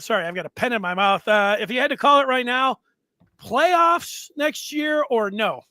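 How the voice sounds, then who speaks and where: A man's voice: very high voice, lively intonation, normal speed, sharp tone, no room sound. A man hosting a sports talk show, telling stories in a playful, joking way. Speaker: show host.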